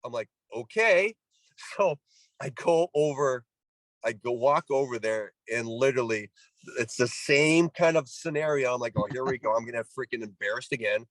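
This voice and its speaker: A man's voice: mid-range voice, moderate pace, dry recording, low-quality recording. A middle-aged man from Canada, a former pro ball player, telling a story as a guest in a casual interview. He acts out the people he quotes and often restarts his sentences. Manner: animated, acts out quoted voices, many restarts.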